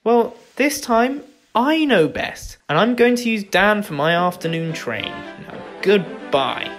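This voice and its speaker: A man's voice: high voice, animated, takes it slowly, fairly bright tone, faint music behind, pitched above the performer's own voice, exaggerated voice. A man doing a proud, flustered little engine. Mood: indignant. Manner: indignant, panicky when scared. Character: stubborn proud male tank engine, easily flustered.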